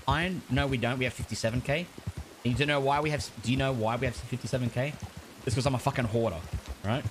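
Give me a laid-back man streaming a game, swearing and laughing, with steady noise behind him. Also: mid-range voice, quick pace. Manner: swears a lot, laughs often, animated. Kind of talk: casual gaming stream chat.

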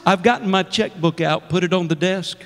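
A middle-aged guest minister preaches a sermon in a church sanctuary, exuberant and often laughing as he calls out to the congregation. His voice sits high, is a bit bright, and moves fairly quickly, with long church reverb on the recording.

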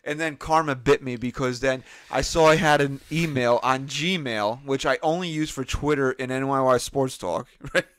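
A man co-hosting a podcast, caught up in his own story as he voices everyone in it with lively changes. His mid-pitched voice is dry and close to the mic, with no room sound at all. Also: normal speed, few pauses, no room sound. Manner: retells scenes with lively voiced-up quotes. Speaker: podcast co-host. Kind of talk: casual chat, animated storytelling.

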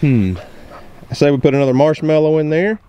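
A man's voice: a little high, fairly quick, warm tone. A man hosting a casual homestead vlog, thinking aloud in a plain-spoken way as he works outdoors. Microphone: camera-mounted shotgun mic. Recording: outdoor recording with clear background noise.

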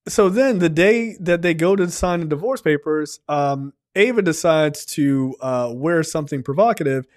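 A man's voice: on the high side, lively intonation, normal speed. Profane, rambling male movie reviewer. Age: 40s. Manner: loose and profane, with many fillers and acted-out quotes. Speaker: podcast co-host. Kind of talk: casual movie review chat.

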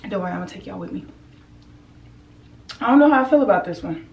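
A woman's voice: medium pitch, lively intonation, quick pace, gravelly, reverberant, lo-fi sound, slight background noise. A young woman chatting casually to her viewers in a home vlog, laid-back and talkative, filmed on a handheld camera indoors. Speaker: vlogger.

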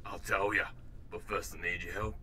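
Game role: a sleazy Australian computer, deep voice, crude teasing. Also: male voice, flat delivery, normal speed, pushed and bright, a little hiss or hum. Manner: crude, teasing, slangy banter.

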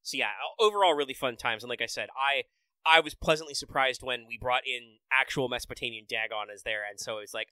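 A man's voice: medium pitch, fast, bright, forceful tone, clear, resonant tone, no room sound, rough recording. A man hosting a casual podcast, enthusiastically breaking down game details with many fillers. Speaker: podcast host. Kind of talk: casual podcast chat about a mobile game.

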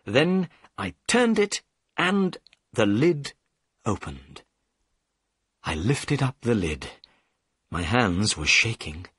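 A man reading a simplified audiobook story for learners in a clear, measured way. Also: on the low side, very animated, fairly bright tone, no echo, studio quality. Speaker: narrator. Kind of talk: scripted audiobook narration for learners.

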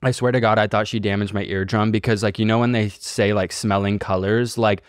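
A man's voice: on the low side, fairly even intonation, a little fast, clear, resonant tone, dry recording, clean studio sound. A man casually telling a long, rambling story on a podcast, swearing and using lots of filler words. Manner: rambling, profane, filler-heavy delivery. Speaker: podcast co-host.

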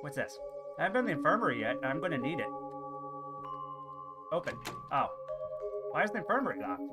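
Guy yelling and joking thru a horror game, voice all over the place, game music loud behind. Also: on the high side, fairly quick, long pauses. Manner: excitable, joking, talks to the game character, yelps and laughs. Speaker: gaming commentator. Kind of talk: let's play commentary.

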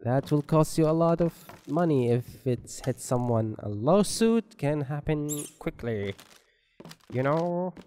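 Slow, mellow-voiced man swearing through a game. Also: a little high, lively intonation, slight background noise. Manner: joking, rambling, swears a lot. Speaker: gameplay commentator. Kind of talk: let's play horror game commentary.

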